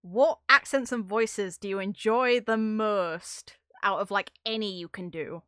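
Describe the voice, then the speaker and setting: A woman's voice: mid-range voice, measured pace, bright, forceful tone, smooth, dry recording, studio quality. A woman from the UK hosting an interview, asking friendly questions and giggling often. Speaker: interviewer, host. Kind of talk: casual interview chat.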